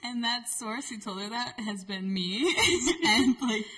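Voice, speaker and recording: Young female guest, playful and giggly, bright tone. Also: fairly high pitch. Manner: laughing, playful, talks in quick bursts. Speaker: podcast guest. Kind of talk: casual chat.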